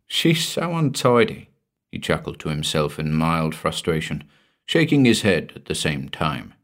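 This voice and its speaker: Deep-voiced man narrating a spooky tale. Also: animated. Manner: measured, dropping low and soft at ominous lines. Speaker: story narrator.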